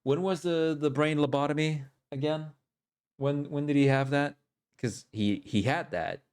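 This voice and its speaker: A man's voice: a little high, unhurried, darkish tone, clear, resonant tone. A man in casual reaction chat on a stream, mocking and laughing often.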